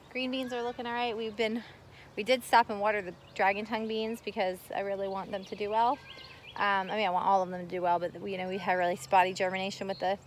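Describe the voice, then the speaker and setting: Woman, casual vlogger; rambling, friendly garden walk-through shot on a phone outdoors, light outdoor noise behind. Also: mid-range voice. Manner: chatty, rambling, talks to kids and dog while filming. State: a little out of breath from walking. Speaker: homestead vlogger giving a garden tour. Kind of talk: casual walking garden tour. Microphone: phone camera held while walking.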